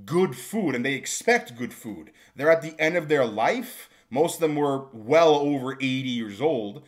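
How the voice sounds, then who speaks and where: A man's voice: mid-range voice, expressive, unhurried. A man telling a storytime vlog about a job, exasperated and ranting. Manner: exasperated, builds to shouting rants. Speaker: vlogger telling a work story. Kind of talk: storytime monologue.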